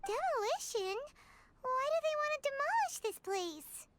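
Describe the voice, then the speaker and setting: Casting: a squeaky, blunt little game sidekick girl with a very high, bouncy voice. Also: big pitch swings, heavy background noise, full character voice. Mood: indignant. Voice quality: squeaky and childlike. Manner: frank, quick to judge. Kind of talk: game voice acting.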